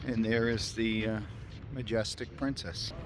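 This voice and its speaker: A travel vlogger walks a city tour outdoors, chatting casually and thinking aloud as he narrates. His lowish voice shows little pitch movement and keeps a measured pace, set against a noisy crowd and street noise.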